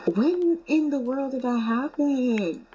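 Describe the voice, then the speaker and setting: A young woman casually commenting on her life-simulation game in an excitable, informal way. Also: high voice, slow. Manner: chatty, excitable, informal with fillers like y'all. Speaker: gaming video creator. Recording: slightly muffled with faint hum.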